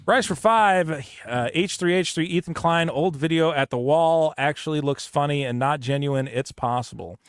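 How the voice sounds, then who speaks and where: A man co-hosting a casual comedy podcast, reading super chats aloud and telling stories loudly with put-on panicked voices. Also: on the high side, moderate pace, hardly any pauses, clean tone, dry recording, clean studio sound. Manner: loud, animated storytelling with put-on panicked voices.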